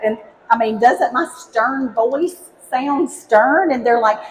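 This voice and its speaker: A woman's voice: a little high, measured pace, a little hiss or hum, poor audio. Cheerful Southern woman demonstrating a recipe on stage. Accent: Southern American, Alabama. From Alabama, United States. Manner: cheerful, folksy, chatty, keeps calling on the crowd. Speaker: cooking demonstrator, former high school teacher. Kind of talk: live cooking demo for an audience. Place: outdoor cooking stage with a live audience.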